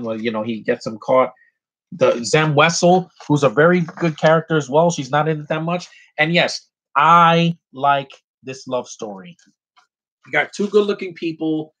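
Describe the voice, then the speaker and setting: A man's voice: fairly high pitch, fairly bright tone. A man in his thirties showing off his collectibles on camera, talking in an opinionated, rambling way with plenty of mild swearing. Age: 30s. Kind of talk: casual ranting vlog.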